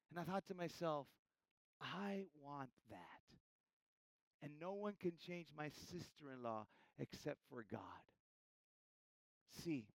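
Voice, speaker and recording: A male pastor delivers a sermon, his voice pitched a bit higher than most men's. He presses hard on key lines and then drops to a near hush. The sound is dry and close, with no room echo. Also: vocal fry. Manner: emphatic preaching, shifts between loud and hushed; addresses listeners as church.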